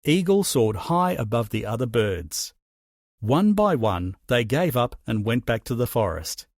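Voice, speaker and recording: Slow, expressive man reading a storybook. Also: mid-range voice, no room sound, clean studio sound. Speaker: narrator.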